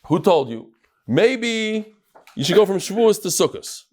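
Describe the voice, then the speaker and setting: A man teaching a daily Talmud class to a live audience in a study hall, lively and joking, with Hebrew and Aramaic terms in his English. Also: high voice, a little slow.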